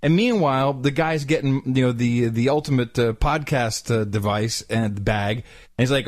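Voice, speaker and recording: A man's voice: mid-range voice, moderate pace, no echo. A man co-hosting a podcast, telling a travel story casually and acting out the people he quotes in mocking voices. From Netherlands. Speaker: podcast co-host.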